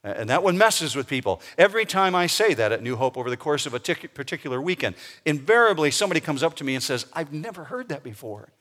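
A man's voice: on the high side, expressive, fairly bright tone. Emphatic man preaching in a reverberant hall. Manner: emphatic, slows down to stress key words. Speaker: pastor. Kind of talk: sermon. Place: church sanctuary. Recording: long reverb of a large hall.

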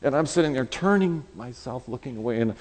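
A man preaching a sermon, conversational and animated, telling a personal story and acting out quoted voices. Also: mid-range voice, a little fast.

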